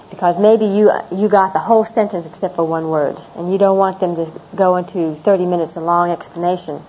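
A middle-aged woman speaks to a classroom of students in a mellow, relaxed voice, chatty and given to repeating herself. The recording is dull and lo-fi, with a faint hiss and room sound behind her. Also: fairly low pitch, a little fast, few pauses. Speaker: teacher of international students. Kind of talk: classroom talk on American customs.

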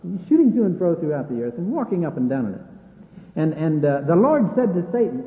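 A man's voice: fairly high pitch, big pitch swings, brisk. A man preaching a sermon in a folksy way, acting out the dialogue of the scripture scenes. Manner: folksy, acts out dialogue between God and Satan. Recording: echoey hall on a tinny lo-fi line.

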